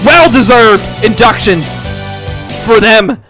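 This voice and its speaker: A young man doing profane, excitable play-by-play for a hobby wrestling show, swearing constantly and breaking into shouted hype. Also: high-pitched, normal speed, soft background music. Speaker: fake wrestling commentator.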